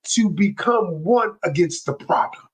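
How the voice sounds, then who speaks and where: Animated, husky-voiced male coach. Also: high voice, measured pace. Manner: animated and excitable; colloquial, with many restarts. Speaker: relationship coach. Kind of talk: interview guest.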